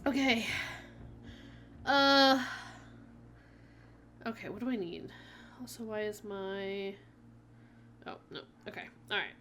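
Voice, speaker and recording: A woman's voice: mid-range voice, expressive, slow, pauses often, fairly bright tone, soft background music. A young woman streaming a video game, chatting casually and rambling with lots of filler words and giggles. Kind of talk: casual chat while playing a video game.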